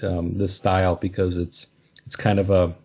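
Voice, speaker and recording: Soft-toned man hosting a podcast. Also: deep voice, level tone, moderate pace, slightly rough, muffled recording. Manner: thoughtful, hesitant, many restarts. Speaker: podcast host. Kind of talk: casual podcast discussion.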